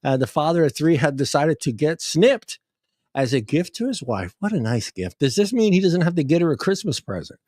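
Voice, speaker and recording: A man's voice: a little high, sing-song, brisk, darkish tone, no room sound, studio quality. A man co-hosting a casual talk show, laughing and rambling with stammering restarts. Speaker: co-host. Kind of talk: casual banter.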